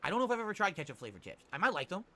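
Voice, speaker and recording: A man streaming live, answering chat questions with quick, opinionated rants. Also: sits high, sing-song, bright, forceful tone. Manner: rapid, opinionated ranting. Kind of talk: livestream chat reply.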